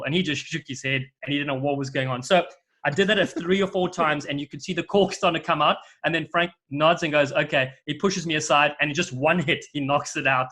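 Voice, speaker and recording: Man, middle-aged, bright and forceful voice, a lively storyteller who acts out quotes, guest commentator. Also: fairly high pitch, a little fast. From South Africa. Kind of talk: casual chat, storytelling.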